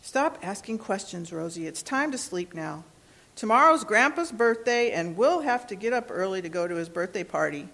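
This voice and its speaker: A woman voicing a gentle, worried mother rabbit in a storybook reading, speaking softly and soothingly. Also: medium pitch, expressive, normal speed.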